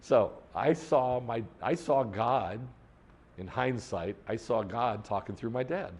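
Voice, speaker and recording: A man's voice: mid-range voice, slow, slightly rough. A middle-aged man teaching a sermon in a conversational way, asking the listeners questions and reciting Hebrew prayer lines. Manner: lively, conversational, asks the room questions. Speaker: congregation teacher.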